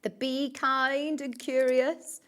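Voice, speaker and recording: A woman's voice: sits high, flat delivery, takes it slowly, a bit bright. A woman presenting live on a shopping channel, chatty and gushing as she talks through products. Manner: gushing, chatty, upbeat sales patter. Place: TV studio.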